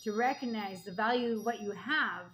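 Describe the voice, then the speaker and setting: A woman's voice: medium pitch, normal speed, a bit bright, slight background noise. A woman giving a spiritual oracle card reading. She reads the card text aloud and breaks in with earnest, casual asides, often checking in with "okay?" and "all right?". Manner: earnest and encouraging, speaking straight to the listener.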